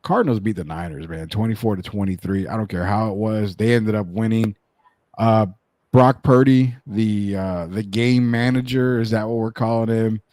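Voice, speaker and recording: Low-voiced sports co-host rattling off stats. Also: male voice, steady tone, normal speed, darkish tone, dry recording. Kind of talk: casual sports debate.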